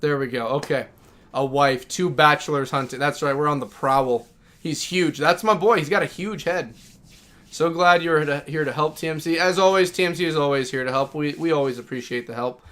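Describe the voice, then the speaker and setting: A man's voice: a little high, normal speed, a bit bright. A man streaming a game live, chatting casually and talking affectionately to his dogs. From Minnesota.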